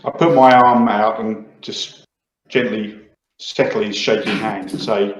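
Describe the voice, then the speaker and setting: Low-voiced player in a roomy sound. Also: male voice, steady tone, measured pace. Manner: narrating his own character's actions. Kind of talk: tabletop role-play.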